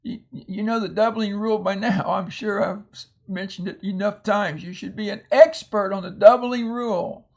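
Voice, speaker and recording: A man's voice: high voice, steady tone, normal speed, gravelly, a little mellow. A man teaching a phonics lesson, reading out a word list and explaining each word in a patient way with homely asides.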